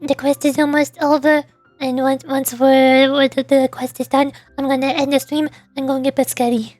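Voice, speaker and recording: High-voiced, quick-talking woman streamer. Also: no echo, soft background music. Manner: talks fast when excited, giggly. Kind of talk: casual livestream chat.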